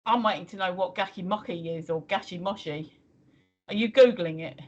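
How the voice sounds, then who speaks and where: A woman's voice: lowish voice, normal speed, lo-fi sound, faint music behind. A woman co-hosting a livestream in casual chat, chatty and giggly, reading viewer messages aloud. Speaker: co-host of a livestream.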